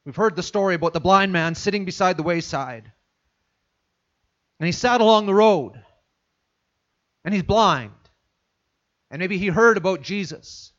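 A man's voice: high-pitched, a little slow, pauses often. A man preaching a sermon, retelling a story and repeating phrases for emphasis, in a dull lo-fi recording.

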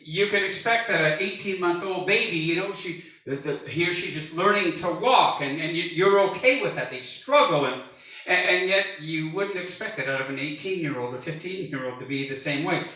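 A man around sixty preaching a sermon as pastor, animated and joking, rising at times to a shout. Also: a little high, fairly quick. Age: 60s. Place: church sanctuary. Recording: echoey church hall from far off.

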